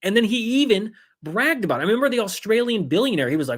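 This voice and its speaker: A man hosting a livestream of political commentary, talking fast, heated and sarcastic, acting out others in mocking voices. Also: high voice, sing-song, breathy edge.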